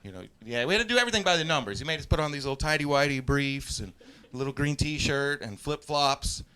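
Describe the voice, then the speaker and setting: A man in his forties from Southeast Texas doing live stand-up, telling stories in a laid-back way, often laughing at his own jokes and breaking into loud yelled impressions. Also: on the high side, fast, clean tone. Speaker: stand-up comedian. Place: live comedy stage.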